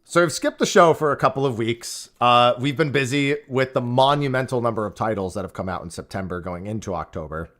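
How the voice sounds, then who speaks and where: A man's voice: medium pitch, a little fast, hardly any pauses, a bit bright. A man hosting a casual gaming podcast, talking in a rambling, self-interrupting, joking way. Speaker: podcast host.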